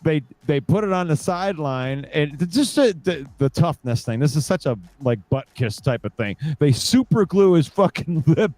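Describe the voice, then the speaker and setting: A man's voice: fairly high pitch, expressive, moderate pace, hardly any pauses, darkish tone, no room sound. A man hosting a casual sports podcast, rambling and repeating words as he talks. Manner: rambling, repeats words, laughs while talking. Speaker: podcast host.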